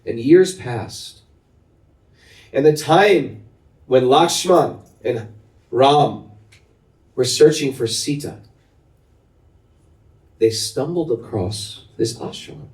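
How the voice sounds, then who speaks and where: Male spiritual teacher, playful storyteller with a lively delivery. Echoey room, distant mic. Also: mid-range voice, extremely slow, long pauses. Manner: animated and humorous, laughing often. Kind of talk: storytelling talk. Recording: roomy, from a distance.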